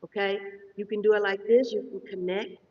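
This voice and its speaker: A woman giving a live-streamed meditation lesson as a spiritual teacher, talking fast and checking in with her listeners often. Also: medium pitch, fairly even intonation. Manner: fast-talking, says so herself; instructive, checks in often with "okay?". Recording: distant, echoey, dull sound.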